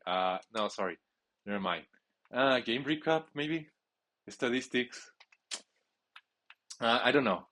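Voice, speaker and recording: Excitable rambling man narrating his gameplay. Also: mid-range voice, a little slow, pauses often. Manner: excitable, rambling, with frequent restarts. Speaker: gamer playing a football video game.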